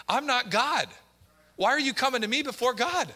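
Preaching animatedly at a moderate pace in a church sanctuary, a male pastor drives his points home through emphasis, repetition, and questions fired at the congregation. His high voice sounds very bright and forceful, with long reverb trailing every phrase.

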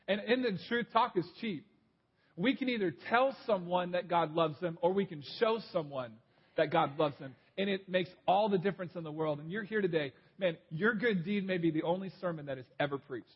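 A man's voice: high-pitched, normal speed, slightly rough, dull audio. A pastor preaching a sermon in a conversational, storytelling way, repeating his key points.

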